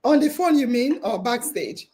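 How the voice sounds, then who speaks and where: A woman hosting a live online hangout, excited and tearful, laughing as she reads out listener comments. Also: a little high, normal speed. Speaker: podcast host.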